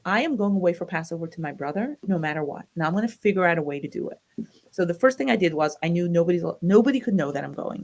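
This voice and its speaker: Middle-aged woman telling her own story, lowish voice, jumps into other people's voices when she quotes them. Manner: animated retelling, acts out quoted voices. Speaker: guest. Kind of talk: personal storytelling in an interview.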